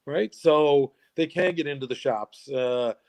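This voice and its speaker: A man's voice: mid-range voice, a little slow, gravelly, a little mellow. Jokey man telling stories. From Newfoundland, Canada. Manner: jokey storyteller, laughs often, restarts phrases. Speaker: guest. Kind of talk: casual interview chat.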